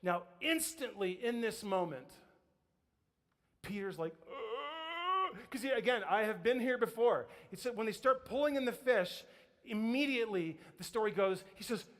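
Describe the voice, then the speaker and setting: Man, pastor, sermon, high voice, lively storytelling, long hall reverb. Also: normal speed. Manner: animated storytelling, acts out voices, laughs often. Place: church sanctuary.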